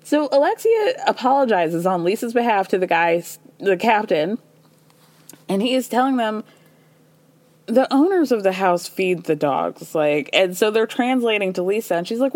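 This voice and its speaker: A woman's voice: medium pitch, sing-song, moderate pace, dry recording. A woman hosting a podcast, chatting casually through a reality TV recap, laughing often and acting out quotes. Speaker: podcast host.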